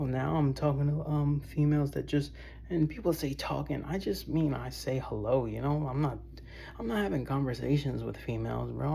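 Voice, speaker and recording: A man's voice: mid-range voice, vocal fry, dark tone, slight background noise. A man talking casually to his viewers in a loose, meandering monologue, often tossing in "bro" and "y'all.". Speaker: vlogger. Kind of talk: casual rambling monologue to camera.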